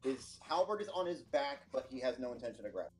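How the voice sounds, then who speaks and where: A man's voice: medium pitch, expressive, fast talker, darkish tone, soft background music, poor audio. A man playing a tabletop game as an unsure newcomer who pokes fun at himself. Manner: unsure newcomer, self-deprecating. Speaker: player.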